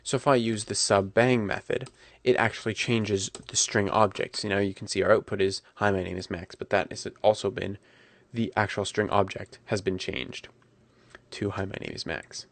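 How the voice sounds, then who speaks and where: A man talking through a coding tutorial at his computer, relaxed and correcting himself as he types. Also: on the low side, moderate pace, dry recording. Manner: relaxed, self-correcting, talks while typing. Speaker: programming instructor.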